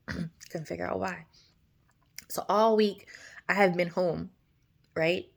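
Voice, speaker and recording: A woman giving a casual devotional talk to her viewers, chatty and animated, often asking "right?" and acting out quoted voices. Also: slow pace, vocal fry. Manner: acts out quoted voices, often drops soft and low. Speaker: faith vlogger.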